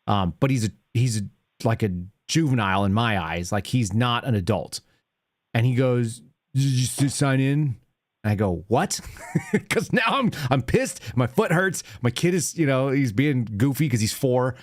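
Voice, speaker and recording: A man's voice: medium pitch, very animated, moderate pace, dry recording, clean studio sound. A man in his thirties hosting a call-in show, telling an angry story in a loose, ranting way. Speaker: host. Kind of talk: casual call-in show chat.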